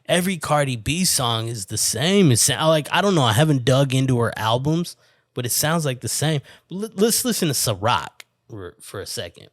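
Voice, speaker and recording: A man talking loosely on a solo podcast, slightly tipsy from wine and swearing as he rambles. His voice sits at an ordinary middle pitch, and the recording is close and dry with no room sound. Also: sing-song, normal speed, no room sound. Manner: rambling, profane, laid-back. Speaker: podcast host. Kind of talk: casual solo podcast rant.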